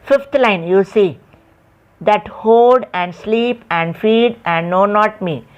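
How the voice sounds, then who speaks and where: A woman's voice: medium pitch, takes it slowly. A woman teaching an English poetry lesson, explaining lines and literary terms to her students and spelling words out letter by letter. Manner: addresses students directly, asks rhetorical questions. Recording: dull lo-fi recording.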